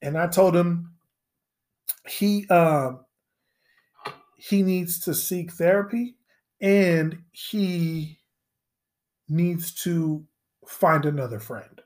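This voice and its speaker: A man's voice: on the high side, extremely slow, pauses often, a little mellow. Male solo podcast host, casual comedic rant, profane and rambling, mock-incredulous. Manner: mock-incredulous, repeats himself.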